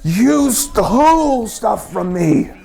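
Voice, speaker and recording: A woman's voice: a little high, big pitch swings, extremely slow, vocal fry, mellow, soft background music, pitched above the performer's own voice, full character voice. A man voicing a frightened, indignant woman who defends herself.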